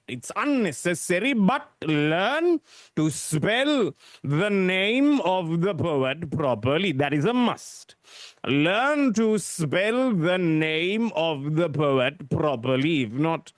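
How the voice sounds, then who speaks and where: A man's voice: a little high, no room sound, studio quality. A man with a Sri Lankan English accent teaching a literature lesson for exams, repeating key points with emphasis for his students. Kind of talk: exam-focused literature lesson.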